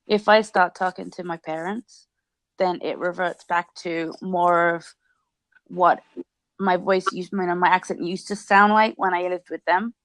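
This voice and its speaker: A woman's voice: lowish voice, no echo. A young woman from England whose English accent has taken on some American tones, chatting easily and giggling on a video call. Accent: English with American influence. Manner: giggly, easygoing. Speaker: guest. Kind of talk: casual video chat.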